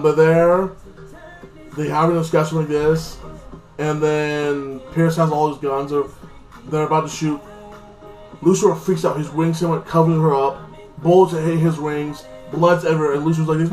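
A man's voice: on the high side, reverberant, poor audio. A man giving a casual, rambling episode recap, swearing often and leaning on fillers. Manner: rambling, profane, lots of fillers. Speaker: TV show reviewer.

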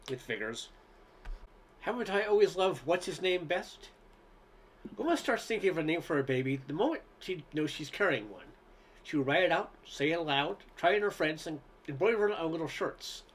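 A man reading a humorous essay aloud in a wry, unhurried storytelling manner. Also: on the high side, animated. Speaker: reader.

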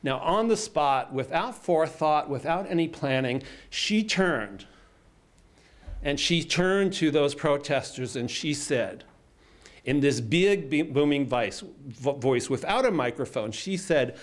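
A man from the United States giving a keynote speech, telling a personal story in a halting way with many fillers and restarts. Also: on the high side, expressive. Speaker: keynote speaker. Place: indoor event hall.

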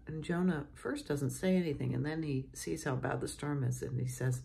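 A woman's voice: deep voice, fairly quick, creaky, few pauses, warm tone. A middle-aged woman, a cathedral dean, giving a morning devotion in a chatty storytelling manner and closing with a prayer. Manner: chatty storytelling, often chuckling.

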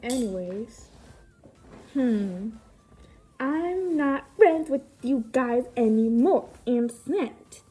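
A woman's voice: a little high, lively intonation, drawn-out words, mellow, slightly rough. A woman casually reading aloud her own childhood book and adding amused, mocking, incredulous comments on it.

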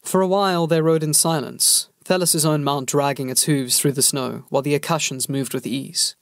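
A man reading an audiobook in steady, even scripted narration. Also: medium pitch, moderate pace, no echo, studio quality.

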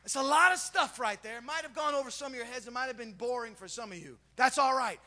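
A male pastor preaching a sermon in a church, swinging between quieter asides and shouted, sing-song peaks. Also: extremely high pitch, fast talker. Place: church sanctuary.

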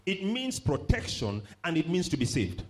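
Lively, higher-voiced male preacher. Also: moderate pace. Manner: emphatic, repeats phrases for stress and calls on the congregation. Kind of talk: sermon.

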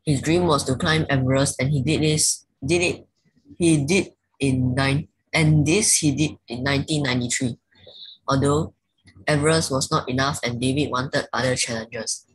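Casting: student reading aloud, hesitant, husky and very dry close sound. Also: medium pitch, fairly even intonation, no room sound, low-quality recording. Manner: halting, self-correcting.

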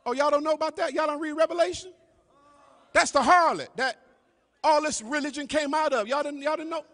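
Man, pastor, preaching sermon, bright ringing voice, call-and-response, long hall reverb. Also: fairly quick. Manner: calls and responses to the congregation, repetitive "y'all"; drops to low murmurs between emphatic lines. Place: church sanctuary. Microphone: live stream.

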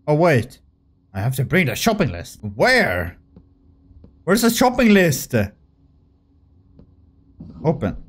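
A young man giving casual, jokey commentary while playing a horror game, excitable and swearing freely. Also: a little high, takes it slowly, pauses often. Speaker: gaming video creator. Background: faint game music.

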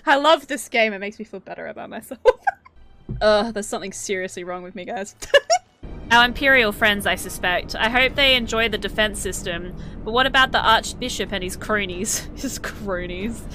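A woman streaming a game live, chatting to her viewers, laughing often and swearing freely when she gets excited. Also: mid-range voice, normal speed, faint music behind. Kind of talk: live gameplay commentary.

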